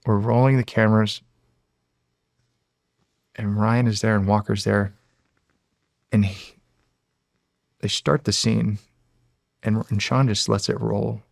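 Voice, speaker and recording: A middle-aged man, a former Navy SEAL, telling animated stories as a guest in a long interview, acting out quotes and often restarting his sentences. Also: lowish voice, slow, vocal fry, long pauses, no echo, clean studio sound. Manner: animated storyteller, acts out quotes, frequent restarts. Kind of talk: storytelling in a long-form interview.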